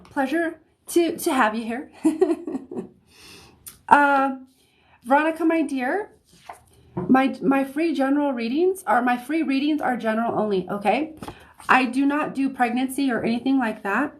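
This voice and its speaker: A woman giving a live-streamed tarot reading, talking in a chatty, easygoing way, often checking in with "okay?" and laughing softly between phrases. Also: high voice, a little slow, long pauses, slight background noise. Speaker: psychic reader. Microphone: phone or desk mic on livestream.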